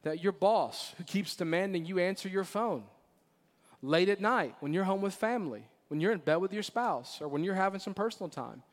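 A pastor in his forties giving a sermon, telling stories with laughter and moving between loud emphasis and quiet, earnest lines. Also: high-pitched, normal speed. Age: 40s. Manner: animated storytelling with laughter, swings between loud and hushed. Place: church sanctuary. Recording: long reverb of a church hall.

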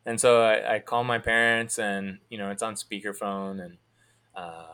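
A man telling a long story in a casual chat, in a fairly monotone, rambling way with many restarts. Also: lowish voice, normal speed, clean tone.

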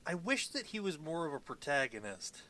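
A man co-hosting a casual movie recap, laughing often and tossing in quick profane jokes. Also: on the high side, sing-song, pushed and bright, no echo. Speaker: podcast co-host.

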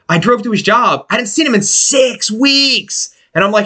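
A man's voice: high-pitched, normal speed, few pauses. A man telling a long personal story in casual chat, swearing freely and acting out what people said. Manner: animated, profane, acts out quotes.

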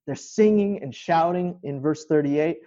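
A man's voice: a little high, unhurried, warm tone, highs cut off. A male pastor giving an informal online sermon from a home kitchen, explaining scripture in a conversational way.

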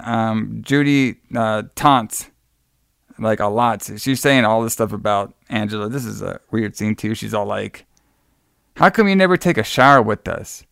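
Gravelly-voiced man casually recapping a movie. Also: mid-range voice, fairly bright tone, dry recording, clean studio sound. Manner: rambling, laughing, swears freely. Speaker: podcast co-host.

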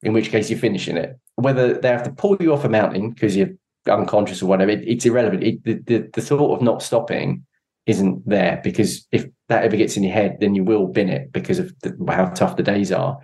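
A man sits in on a podcast as a guest, his voice on the low side. He talks earnestly and reflectively, often pausing and restarting as he searches for the right words. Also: darkish tone. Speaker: podcast guest, endurance cyclist. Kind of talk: casual conversation.

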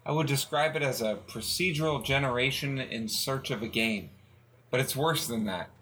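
A man on a casual group chat panel, relaxed and dry. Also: mid-range voice, normal speed, slight background noise, low-quality recording. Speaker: co-host, panelist.

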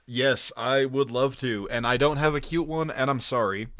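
A man's voice: medium pitch, fairly even intonation, normal speed, a bit bright, dry recording, studio quality. A man co-hosting a podcast in casual chat, laughing often and swearing freely as he rambles. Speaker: podcast co-host.

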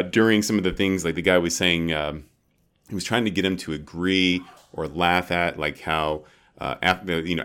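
Man, low voice, podcast co-host, casual chat, rambling, filler-heavy. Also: a bit bright, clean tone. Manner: rambling, many filler likes.

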